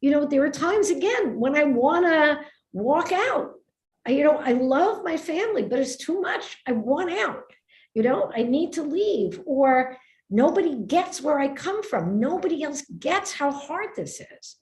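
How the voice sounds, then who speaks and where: Brief: high-voiced New York woman, author and teacher, punchy storyteller, roomy echoey sound. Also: a little slow. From Brooklyn, New York. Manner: animated, emphatic storyteller. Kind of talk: lively conversation at a book event. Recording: roomy echo.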